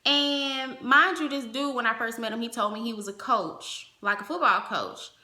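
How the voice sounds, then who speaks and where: Bright, lively woman telling a story. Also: fairly high pitch, normal speed. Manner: animated, acts out other people's lines. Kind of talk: casual storytime. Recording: roomy echo.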